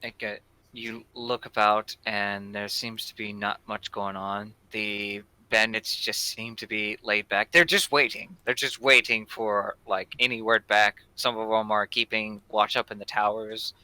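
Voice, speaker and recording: A man's voice: fairly low pitch, level tone, unhurried, pushed and bright, smooth, no echo, low-quality recording. A man narrating a tabletop game as game master in a casual, loose way.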